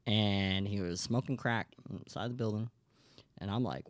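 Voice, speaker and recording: Man rambling through a story, slightly low voice. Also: moderate pace, no echo. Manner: rambling, many fillers and restarts, swears freely. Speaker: podcast host. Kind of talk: casual storytelling chat.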